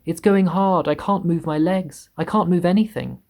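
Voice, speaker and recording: A man voicing a vain male centipede in a storybook reading, shrill and complaining, with a gravelly edge. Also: moderate pace, a little mellow. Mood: wailing.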